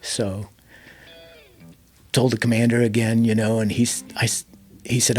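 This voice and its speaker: A middle-aged army veteran telling a long story as an interview guest, acting out the dialogue and dropping to a near whisper at emotional moments. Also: male voice, medium pitch, level tone, normal speed, pauses often, faint music behind.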